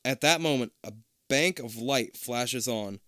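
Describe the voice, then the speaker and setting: A man reading a storybook aloud in a casual, animated way, tossing in jokey asides. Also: medium pitch, a little slow, no echo, studio quality. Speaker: reader.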